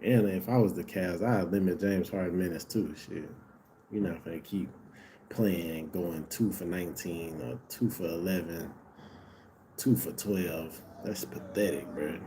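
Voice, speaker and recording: A man's voice: low-pitched, a little slow, noisy background. A man casually commenting on a live basketball game for his stream viewers, laid-back and slangy, talking straight to them.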